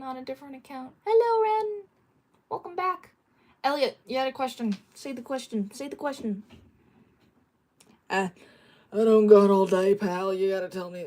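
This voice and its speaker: A woman with a fairly high voice streams live and chats casually with her viewers as she draws. She reads their messages aloud, laughs easily and bursts into playful mock shouting. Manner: giggly, joking, playfully bursts into mock yelling. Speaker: streamer reading chat. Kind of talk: casual livestream chat while drawing.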